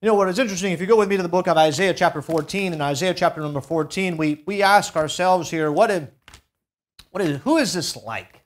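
A male pastor preaching a sermon in a church, swinging from loud, emphatic peaks to low, quiet drops and drawing out key words as he reads scripture. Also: quick pace. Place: church sanctuary.

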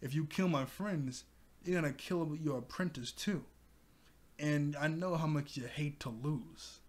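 Guy with a kinda high voice reviewing a cartoon ep, laughs a lot, gets loud and hyped. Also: unhurried. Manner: excitable, laughs often, exclaims loudly. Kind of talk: casual recap commentary.

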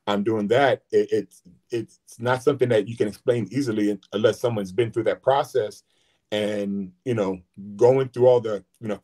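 A man's voice: medium pitch, a little mellow. A man in his forties, a guest on a live talk show, speaking candidly and earnestly in a rambling way full of fillers. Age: 40s.

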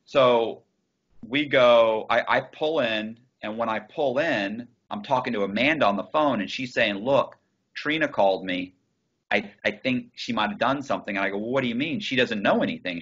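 Guy telling a story on a call, husky voice, dull muffled audio, swears a lot. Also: medium pitch, fairly bright tone. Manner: swearing, restarts, quoting others in his telling. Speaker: interview guest. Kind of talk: casual storytelling.

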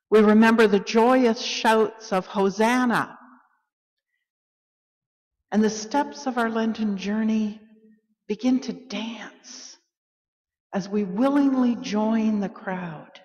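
A woman leading a church worship service, reading liturgy in a measured, solemn way. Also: medium pitch, darkish tone. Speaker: worship leader. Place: church sanctuary. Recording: long reverb of a church hall.

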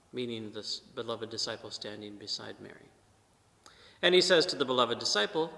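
A man preaching a sermon at Mass as a priest, measured, with emphatic rises and soft trailing endings. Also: mid-range voice, lively intonation. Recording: long church reverb.

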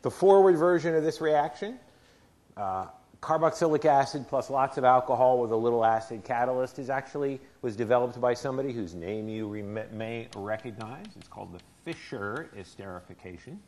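In a lecture hall, a male chemistry professor delivers a university lecture at a moderate pace, his mid-range voice darkish in tone. He talks conversationally and chattily, putting questions to the class, with slight background noise.

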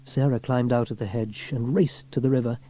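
A man reading a children's storybook aloud in an expressive way. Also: mid-range voice, normal speed.

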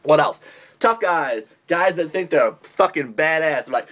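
A man's voice: on the high side, lively intonation, fairly quick, a bit bright. A young man ranting bluntly and profanely in a comedic vlog, mocking other people with put-on impressions. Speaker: vlogger giving dating advice.

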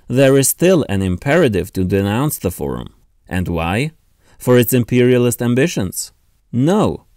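Male video-essay narrator, sardonic and animated, dry close-mic sound. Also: mid-range voice, no room sound. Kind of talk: scripted narration.

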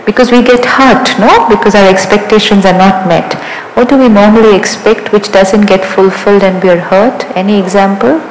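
A woman's voice: mid-range voice, fairly even intonation, moderate pace, slight background noise. A woman with an Indian accent giving a spiritual talk to a live audience, asking them questions and acting out little dialogues. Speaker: spiritual teacher. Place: large hall with an audience. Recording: roomy hall echo.

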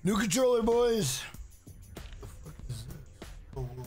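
A man's voice: sits high, very animated, a little slow, darkish tone, soft background music. A man streaming a fighting game live, talking casually, swearing freely and trash-talking the opponent. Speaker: gaming streamer.

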